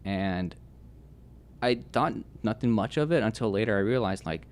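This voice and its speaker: Earnest, halting man with a low smooth voice. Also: expressive. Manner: halting and earnest, with many restarts and "like" fillers. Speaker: guest sharing his testimony. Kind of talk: personal testimony in a podcast interview.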